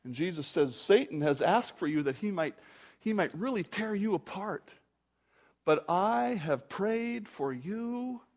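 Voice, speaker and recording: Preacher guy, high voice, goes quiet then suddenly loud, sermon style. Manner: dynamic, swings between quiet asides and loud outbursts. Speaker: pastor. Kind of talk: expository sermon.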